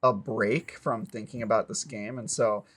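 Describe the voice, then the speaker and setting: A man co-hosting a live gaming podcast, chatting in a halting, rambling way with many restarts. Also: fairly low pitch, fairly even intonation, a bit bright. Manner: rambling, halting, self-deprecating. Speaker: podcast co-host and game reviewer. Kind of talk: casual live podcast chat.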